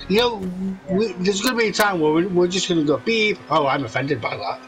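A man's voice: high-pitched, lively intonation, fairly quick, fairly bright tone, a little hiss or hum, poor audio. A man chatting while gaming with friends, jokey and chatty, swearing freely. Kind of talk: casual gaming chat.

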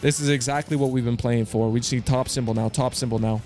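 A man hosting his own channel, commenting excitedly to viewers with slang, swearing and loud outbursts. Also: medium pitch, quick pace, faint music behind. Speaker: slots streamer host.

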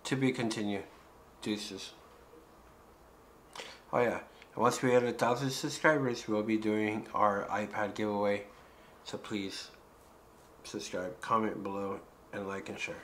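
A man's voice: on the low side, steady tone, a little slow, long pauses, fairly bright tone, a little hiss or hum, low-quality recording. A man giving casual let's-play commentary, joking and talking back to the characters in the game. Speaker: gaming YouTuber.

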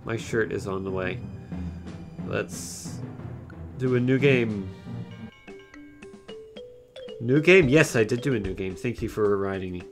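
A man's voice: lowish voice, normal speed, music in the background. A man giving casual, rambling commentary while streaming a mobile game, with a dry, sarcastic manner.

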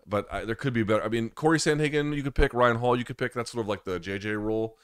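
A man's voice: mid-range voice, quick pace, clear, resonant tone, dry recording, clean studio sound. A male host in a casual live-stream chat, answering viewer questions in a candid, loose way and swearing freely.

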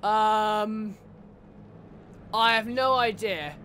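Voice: medium pitch, very slow, fairly bright tone, slight background noise. A gamer giving casual, jokey commentary while playing, laughing and swearing often. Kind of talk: casual let's-play commentary.

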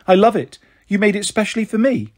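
Tiny proud fairy girl, prim and bossy, high and husky , read by a man. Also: fast talker. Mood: lively. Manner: prim, lively, insistent. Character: tiny frail female fairy, proud and playful.

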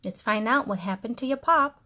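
A woman's voice: on the high side, brisk, pushed and bright. A woman voicing a kind, cheerful young girl who doctors toys, in a storybook reading. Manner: upbeat, reassuring.

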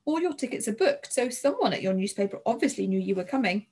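A woman reading an audiobook voices a young girl who speaks quickly and soothingly. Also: fairly high pitch, very animated, a little mellow, husky, heavily acted. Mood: reassuring.

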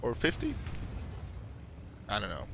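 A young man from the Netherlands with a Dutch accent, a YouTuber casually reading out viewer questions and answering them with giggles and halting fillers. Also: fairly low pitch, huge pitch swings, fairly bright tone, slight background noise. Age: young adult. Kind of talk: casual Q&A chat.

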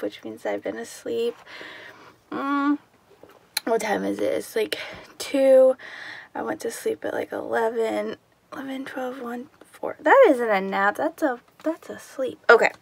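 A woman craft vlogger opening mail in a casual unboxing chat, gushing and excitable, with gasps and whispered asides. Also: fairly high pitch, vocal fry, breathy edge.

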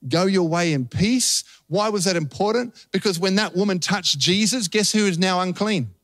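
A man's voice: high-pitched, moderate pace, no room sound. A man with an Australian accent, a pastor preaching a sermon and telling a story with acted-out voices. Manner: animated storytelling, acting out voices.

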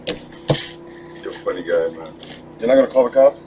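A man with a mid-pitched voice issues flat menacing challenges, repeating the same few words over and over, while his pitch rises and falls widely. The recording catches a steady rumble of noise inside a vehicle. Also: normal speed. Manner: threatening, repeats short lines. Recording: noisy vehicle interior.

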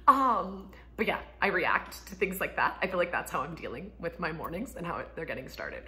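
A woman in her thirties, a homeschooling mom, chatting casually to camera from home, laughing often and acting out quotes in a higher voice. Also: lively intonation, brisk, hardly any pauses, sharp tone. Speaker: homeschooling mom and ministry speaker.

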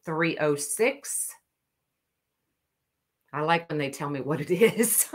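A woman hosting a live stream to sell custom cups, talking casually and slowly with lots of ums. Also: low-pitched, animated. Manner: slow, drawling, many ums. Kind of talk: casual live sales chat.

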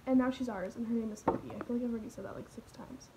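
A woman's voice: on the high side, fairly even intonation, racing, very noisy. A teenage girl rambling through a parody vlog in her bedroom, full of fillers and drifting into whispers. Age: teens. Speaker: vlogger.

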